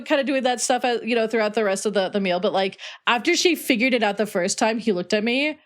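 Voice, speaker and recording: A young adult woman streamer, her voice on the high side, tells a rambling story while playing, talking fast with few pauses. She's casual and chatty, leaning heavily on "like" as a filler.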